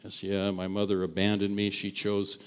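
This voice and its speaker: A man's voice: fairly low pitch, completely flat delivery, moderate pace, clean tone, in a large hall. A man preaching a sermon as pastor of a church, reading scripture aloud and retelling a story in a conversational way, often repeating words and acting out the voices of the people in it.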